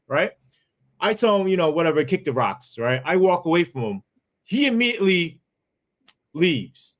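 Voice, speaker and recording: Heated New man, fairly high voice. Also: sing-song, normal speed. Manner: heated, profane, full of repeated asides. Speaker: podcast guest, former police sergeant. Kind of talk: emphatic podcast storytelling.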